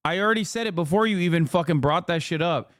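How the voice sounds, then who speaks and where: Profane, animated male streamer. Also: fairly high pitch, quick pace, dry recording, studio quality. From United States. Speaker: streamer and political commentator. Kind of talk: livestream reaction commentary.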